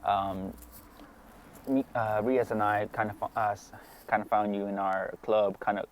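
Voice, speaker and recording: A man voicing a friendly schoolmate who talks casually and haltingly, checking on someone. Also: lowish voice, flat delivery, slight background noise, close to an everyday voice. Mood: concerned.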